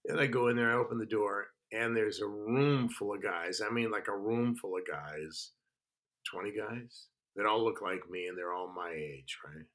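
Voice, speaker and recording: An older man, a guest actor, telling stories in a casual interview, animated and full of restarts and "you know". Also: on the low side, normal speed. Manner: animated, restarts and lots of 'you know'.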